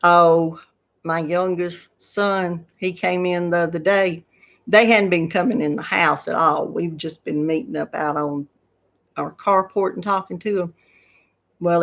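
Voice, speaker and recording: A grandmother in her fifties with a Southern US accent, chatting casually to viewers in a home live stream and laughing often. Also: fairly low pitch. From Georgia, USA. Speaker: YouTube craft channel host.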